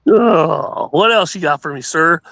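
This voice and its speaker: Gravelly man rambling through stories. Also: a little high, lively intonation, unhurried, a bit bright, dry recording. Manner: rambling, with many restarts and laughs. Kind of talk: casual storytelling chat.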